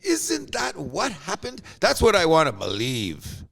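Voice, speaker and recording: A man's voice: high-pitched, huge pitch swings, measured pace, creaky, fairly bright tone. A man hosting a podcast, talking sports in a jokey, storytelling way. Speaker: podcast host. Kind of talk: casual sports chat.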